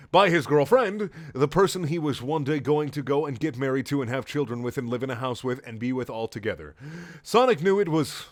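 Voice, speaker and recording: A man reading a story aloud in a sarcastic, deadpan way, with mocking asides. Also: mid-range voice, dry recording. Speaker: comedic reader.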